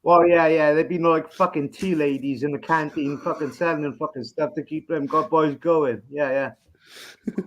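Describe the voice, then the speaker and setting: A man's voice: a little high, fairly even intonation, moderate pace, lo-fi sound. A man hosting a podcast, ranting in a crude, profane, rambling comic manner. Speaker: podcast host. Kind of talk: crude comedic rant.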